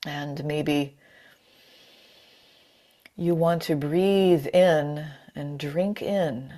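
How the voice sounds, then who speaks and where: A woman leading a chair yoga class over a video call, calm and encouraging as she cues breaths and movements. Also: low-pitched, very slow, pauses often. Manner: calm, encouraging, greets participants by name. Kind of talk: guided yoga class instruction.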